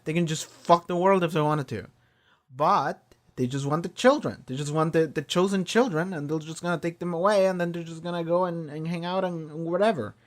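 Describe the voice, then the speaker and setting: A young man reacting to a TV episode, rambling with frequent swearing, fillers and repeated words. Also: a little high. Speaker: reaction video host. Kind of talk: casual spoken review after watching an episode.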